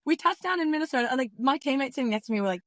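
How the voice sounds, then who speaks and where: A woman's voice: sits high, lively intonation, very fast, a bit bright, dry recording. Chatty young Australian woman, dry sound. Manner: chatty, peppered with "like", acts out quotes. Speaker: professional basketball player guest. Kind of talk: casual anecdotal storytelling.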